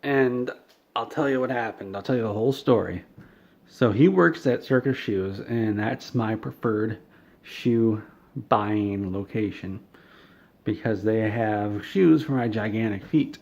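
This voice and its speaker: A man telling an absurd comic story in a rambling, self-deprecating deadpan, on a dull lo-fi home recording. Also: on the low side, unhurried. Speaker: comedic storyteller.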